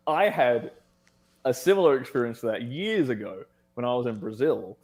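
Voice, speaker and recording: An Australian man telling stories as a guest in a casual conversation, animated and laughing often. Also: medium pitch, normal speed.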